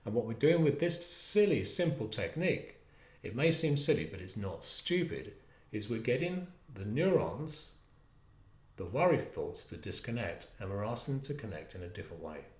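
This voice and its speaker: A man coaches a de-stressing exercise in a lowish voice that rises and falls with lively swings. He coaxes and stretches out words as he directs. The room around him sounds echoey. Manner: animated, coaxing, drawn-out words. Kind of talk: guided exercise instruction.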